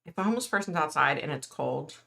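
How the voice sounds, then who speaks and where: A middle-aged woman chats casually on a livestream, talking to her viewers in an earnest way and answering their comments as she goes. Her voice sits a little low but has a bright, forward edge. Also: expressive, fast, gravelly. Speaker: livestream host.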